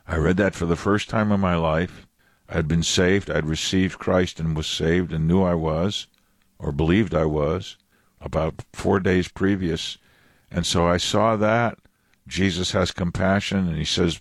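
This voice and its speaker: A male pastor preaches in a relaxed, rambling way, drifting into side stories and chuckling at himself. His voice sits fairly low. The sound is dry and close. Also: unhurried, dry recording. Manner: casual, digressive, chuckling asides. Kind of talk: conversational sermon.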